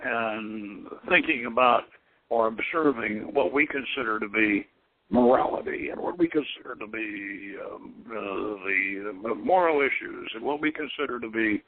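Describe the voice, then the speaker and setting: A man's voice: fairly low pitch, expressive, a little slow, gravelly, dry recording. An older man hosting a call-in radio show, rambling and repeating words as he muses, with frequent chuckles. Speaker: radio host. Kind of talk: call-in radio talk on occult philosophy. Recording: dry tinny phone-like radio sound.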